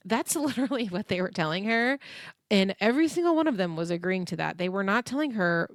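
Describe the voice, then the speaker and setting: A woman's voice: medium pitch, expressive, fairly quick, no echo. Chatty woman recapping TV in a dry room. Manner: chatty, filler-heavy, acts out quotes. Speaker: podcast host. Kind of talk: casual TV recap chat.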